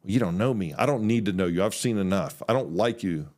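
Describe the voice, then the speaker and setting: Blunt, animated man ranting on a podcast. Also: low-pitched, brisk. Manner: blunt, animated, mimics others' voices. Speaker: podcast host, former pastor. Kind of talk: opinionated solo podcast talk.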